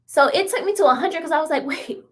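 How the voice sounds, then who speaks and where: Young woman cohosting a chat podcast, high voice, blunt and slangy, goes off on stuff. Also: quick pace. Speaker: podcast co-host. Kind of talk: casual chat.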